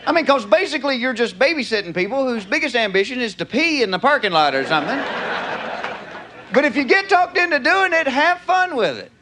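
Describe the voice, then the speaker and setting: Southern man, stand-up comic, lively high voice, crowd noise behind, live stage recording. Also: brisk. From American South. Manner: drawling, folksy, punchy delivery. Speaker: stand-up comedian. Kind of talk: stand-up comedy. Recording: live show with audience noise.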